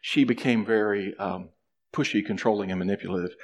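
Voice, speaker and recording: A man preaching a sermon, animated, acting out a character's complaints in a raised voice. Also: on the low side, fairly quick. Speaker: pastor.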